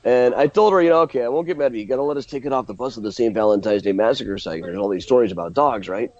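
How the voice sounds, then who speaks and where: A male historian and tour guide telling animated stories in a radio interview, with laughs and restarts. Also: mid-range voice, rapid-fire, highs cut off.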